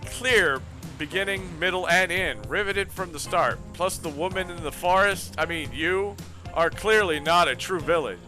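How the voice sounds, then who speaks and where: Excitable streamer man, bright voice. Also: sits high, normal speed, faint music behind. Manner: excitable, jokey, talks back to the game. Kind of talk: reading a dating game aloud on stream.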